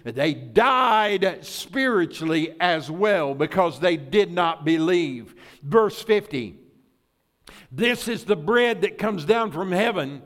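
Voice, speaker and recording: Older male pastor, high voice, slow deliberate delivery, fervent sermon style. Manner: fervent, excitable, builds to shouts.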